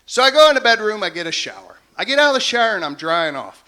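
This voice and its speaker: Stand-up comic in his fifties, folksy and self-mocking, bright and bouncy delivery, club stage mic. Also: high-pitched, very animated, fast talker. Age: 50s. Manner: folksy storytelling, self-deprecating. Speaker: stand-up comedian. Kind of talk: stand-up comedy set.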